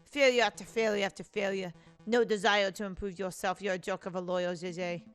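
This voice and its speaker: A woman's voice: medium pitch, steady tone, a little fast, smooth, faint music behind, voice pushed down, close to an everyday voice. A woman voicing a cold, contemptuous villain who belittles the hero. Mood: scornful. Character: scornful villainous man taunting the lawyer.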